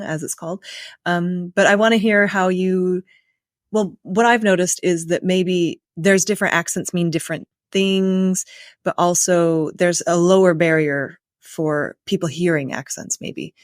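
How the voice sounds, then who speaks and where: A woman's voice: lowish voice, no room sound, studio quality. An American woman hosting a podcast, chatting casually and asking long, thoughtful questions. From United States. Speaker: podcast host. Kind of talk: casual interview chat.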